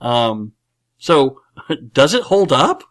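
A man's voice: mid-range voice, very animated, extremely slow. A man hosting a podcast, talking about a film in a rambling, emphatic way with many fillers and restarts. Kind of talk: casual movie discussion.

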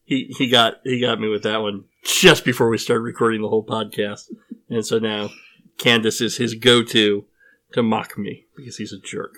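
A man's voice: fairly low pitch, flat delivery, moderate pace, fairly bright tone. A man hosting a podcast, reading listener answers aloud in playful, joking banter. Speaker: podcast host.

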